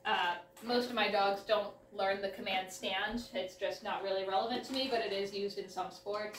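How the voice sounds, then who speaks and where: A woman's voice: mid-range voice, a little hiss or hum. Woman training her dog, roomy distant sound. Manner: relaxed explaining, interrupted by short upbeat dog commands. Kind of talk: casual demonstration. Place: at home with her dogs. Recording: roomy sound, mic at a distance, faint ambience.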